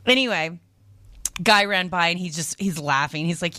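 A woman hosts a radio shopping show in a loose, chatty way, quick to exclaim in disgust. Her voice is bright and forward. The studio sound is dry and close. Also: on the low side, dry recording. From lived in New York. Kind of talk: casual radio chat.

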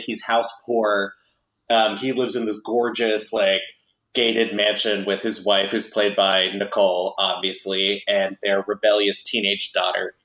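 In an echoey room and a rough recording, a podcast host talks about a film in a relaxed, dry way, filling his speech with lots of fillers. His voice is lowish with a bit of brightness.

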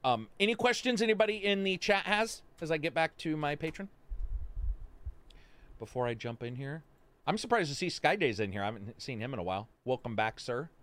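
Host, male, fairly high voice, very lively, tells profane gaming stories, acts out friends' lines. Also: brisk. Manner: animated storytelling, swears, acts out friends' lines. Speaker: streamer host. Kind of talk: casual voice chat with viewers.

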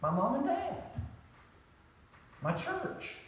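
Animated preacher with a roomy, distant echo. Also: male voice, extremely high pitch, slow, slight background noise. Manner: animated, conversational preaching with rhetorical questions. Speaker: pastor. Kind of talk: sermon. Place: church sanctuary.

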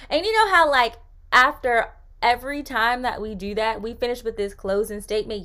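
A woman's voice: on the high side, normal speed, pushed and bright. A young woman hosting a faith-based podcast, talking in a chatty, upbeat way with casual slang. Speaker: podcast host.

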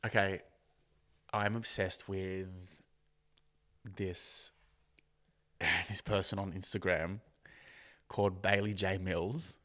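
A man's voice: deep voice, little pitch movement, takes it slowly, pauses often, a bit bright. A man, a podcast guest, chatting casually in a rambling, giggly way, filling his talk with "like".

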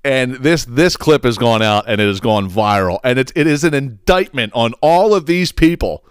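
A man's voice: medium pitch, normal speed, clean tone, no echo, studio quality. A man hosting a podcast, ranting casually with lots of swearing and mocking laughter. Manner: profane, mocking, animated with laughs. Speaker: podcast host.

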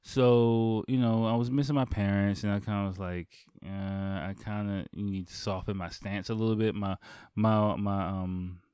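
A man's voice: lowish voice, steady tone, moderate pace, dark tone, clean tone, dry recording, clean studio sound. A man hosting a podcast, telling a long story in a casual, rambling way, swearing freely and full of fillers and restarts. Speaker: podcast host.

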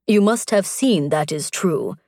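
A woman voicing an earnest, tender barbarian warrior man, speaking slowly and gently. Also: lowish voice, animated, no echo, studio quality.

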